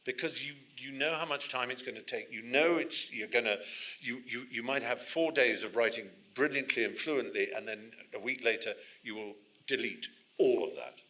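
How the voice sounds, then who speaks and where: An Englishman giving an animated, digressive talk to a university society audience, often restarting his sentences. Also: medium pitch, normal speed, hardly any pauses. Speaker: guest speaker.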